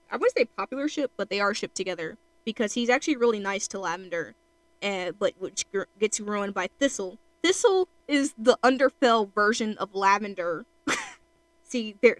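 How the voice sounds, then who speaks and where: A woman's voice: mid-range voice, fairly bright tone, no room sound, rough recording. A woman streamer chatting casually while she draws, rambling with lots of fillers.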